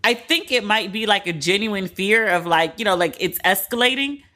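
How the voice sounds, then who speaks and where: A woman in her thirties hosts a pop-culture podcast. Her voice is bright and forward at an ordinary middle pitch. She talks candidly and profanely, fills her sentences with "like", and often retells what others said in quick quoted asides. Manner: candid and profane, heavy use of "like". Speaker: podcast host. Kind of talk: casual pop-culture commentary.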